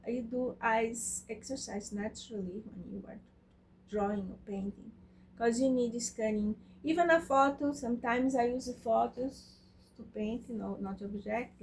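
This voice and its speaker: A woman teaching eye exercises in a casual way, halting and searching for words, speaking English as a non-native with Portuguese as her first language. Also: high-pitched, a little mellow, a little hiss or hum. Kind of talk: casual instructional talk.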